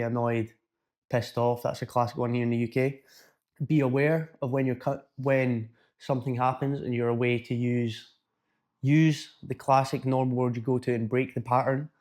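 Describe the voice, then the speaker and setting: A man talks straight to camera as a coach, giving self-help advice in a casual, energetic way. He is blunt and swears freely, with a voice of ordinary pitch. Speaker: fitness and mindset coach.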